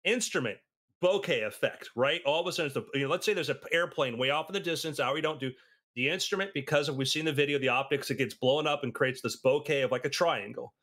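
A man in casual podcast chat, telling anecdotes and acting out the people he quotes. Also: fast talker. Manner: animated storyteller, acts out quotes with big pitch jumps.

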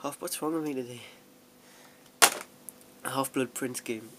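At home sorting DVDs, a young male vlogger rambles in a chatty, self-deprecating way, laughing a lot and restarting sentences. His voice is medium-pitched and unhurried, with heavy background noise.

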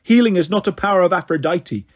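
A man's voice: high-pitched, fast, breathy edge. A man voicing a haughty, commanding queen goddess who speaks with scorn. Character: haughty imperious queen goddess, female, ancient.

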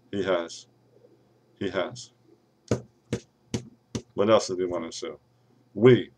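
A man's voice: lowish voice, close to an everyday voice. A man playing a pompous, irate lawyer who rants and threatens to sue everyone, recorded on a webcam. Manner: ranting, threatening lawsuits, sudden shouts. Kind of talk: comedic webcam character rant.

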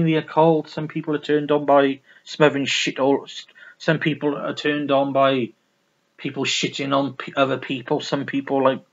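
A man's voice: a little high, highs cut off. A man reviewing records in a casual, rambling, sweary way, full of restarts. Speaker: music vlogger.

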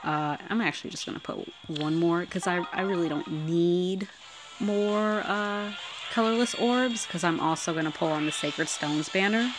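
A woman giving casual commentary while pulling characters in a mobile game, excitable and swearing freely, swinging from squeals to mutters. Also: lowish voice, moderate pace, music in the background. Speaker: mobile game summoning vlogger.

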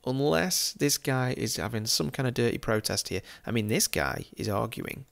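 A chatty Englishman with a gravelly edge talks casually as he tours a city on screen. He is amused and laughs often, dropping jokey asides at mid pitch. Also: unhurried. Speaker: football game YouTuber. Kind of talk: casual commentary over a virtual street tour.

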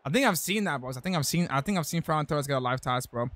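A man's voice: a little high, lively intonation, fast talker, a bit bright, dry recording. A young man streaming a football video game, reacting in hyped slang and reading out chat messages. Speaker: gaming streamer. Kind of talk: live-stream gameplay commentary.

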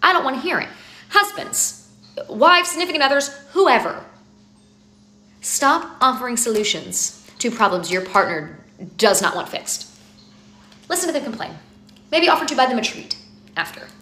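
A woman's voice: a little high, sing-song, normal speed, pauses often, sharp tone, roomy sound. A young woman doing a comedic rant to camera, exasperated and emphatic, swearing for effect. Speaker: comedy video creator.

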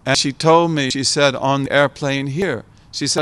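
A man's voice: mid-range voice, fairly even intonation, normal speed, a bit bright, smooth. Older man giving a reflective talk. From United States. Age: 70s. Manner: reflective, repeats phrases for emphasis. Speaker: guest speaker, scholar. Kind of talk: informal talk to an audience.

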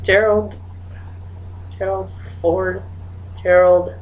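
A woman's voice: medium pitch, flat delivery, drawn-out words, muffled recording, a little hiss or hum. A woman casually commenting as she plays a guessing game, giggling and thinking aloud while she types her guesses. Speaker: gaming YouTuber.

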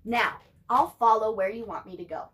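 A woman voicing a determined young girl who speaks earnestly and with quiet resolve. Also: medium pitch, moderate pace, natural voice.

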